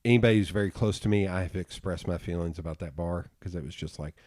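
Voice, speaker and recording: Low-voiced man, casual podcast host. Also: fast talker, no echo, clean studio sound. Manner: animated storyteller, acts out quotes with jumps in pitch. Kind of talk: casual interview chat.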